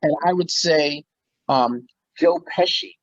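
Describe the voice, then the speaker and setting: A middle-aged man, a musician and actor, telling stories as a guest in a casual interview, animated and often laughing. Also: a little high, takes it slowly, no room sound, muffled recording.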